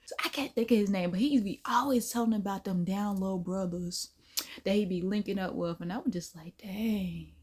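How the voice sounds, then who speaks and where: A woman talking loosely in a reaction video, laughing between remarks and drifting off mid-thought as she hunts for a name. Her voice sits at an everyday middle pitch and her tone stays relaxed and conversational. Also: brisk. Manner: chatty and laughing, trailing off while searching for words. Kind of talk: casual reaction commentary.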